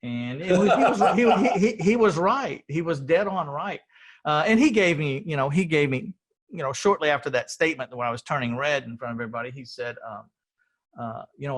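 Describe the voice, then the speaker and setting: A man's voice: mid-range voice, lively intonation, a little fast. A middle-aged man hosting an interview, telling his story in a rambling, earnest way and often repeating words. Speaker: podcast host.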